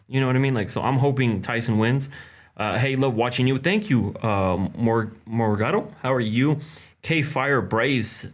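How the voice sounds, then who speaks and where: A young man hosting a casual live stream, greeting viewers by name in a relaxed, chatty way and dropping in short Spanish greetings. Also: medium pitch. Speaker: live-stream host answering viewer questions.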